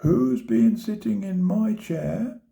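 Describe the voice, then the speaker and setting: A plump mother bear speaks in a prim, raised middle-sized voice, put on by a man reading aloud. It sits well above a natural male pitch yet keeps a gravelly edge, like a storybook read at bedtime. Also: very animated, takes it slowly, mellow, exaggerated voice. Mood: indignant.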